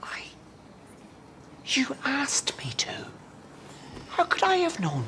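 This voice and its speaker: A man's voice: very high voice, wildly swooping pitch, slow, pushed and bright, in a whisper, exaggerated voice. An actor playing a mild-mannered, middle-aged sitcom father who gets flustered, hesitant and defensive. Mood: exasperated. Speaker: sitcom character, family father. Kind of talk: sitcom acting.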